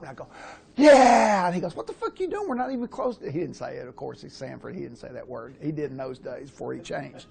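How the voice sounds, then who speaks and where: A man's voice: a little high, vocal fry, a little mellow, husky. A man around sixty, a quarterback coach giving a casual, profane, rambling talk at a coaching clinic.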